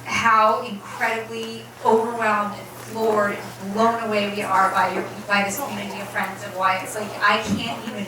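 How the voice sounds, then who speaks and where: A woman's voice: mid-range voice, little pitch movement, normal speed, hardly any pauses. Nervous, sad woman reading a eulogy. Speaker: sister giving a eulogy. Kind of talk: memorial speech read from notes. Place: room at a memorial gathering. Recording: echoey room, distant mic, background noise.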